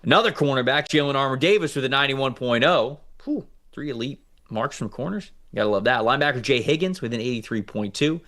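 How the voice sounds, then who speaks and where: A man's voice: medium pitch, fast talker. Male co-host, middle voice, casual stat-heavy sports chat. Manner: reads out stats, animated and joking. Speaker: co-host, football analyst.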